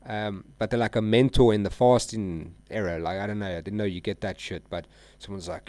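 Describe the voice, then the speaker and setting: A man's voice: deep voice, fairly even intonation, a little fast, few pauses, dark tone, no room sound. A man, hosting a live trading stream in loose, rambling chat, full of "bro" and "like". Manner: slangy, says "bro" and "like" a lot. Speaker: livestream trader host.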